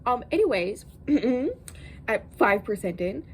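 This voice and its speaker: A woman vlogger pours out a casual, exasperated rant about a book she disliked. Her voice sits a little on the high side, and she keeps going in an animated way with lots of ums and likes. A faint hum of room sound lies underneath. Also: takes it slowly, low-quality recording. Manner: exasperated, animated ranting with many fillers.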